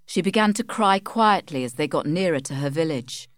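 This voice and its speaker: Low, lively woman narrating a story. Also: no room sound, clean studio sound. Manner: measured, storytelling. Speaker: audiobook narrator. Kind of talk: scripted narration of a simplified classic.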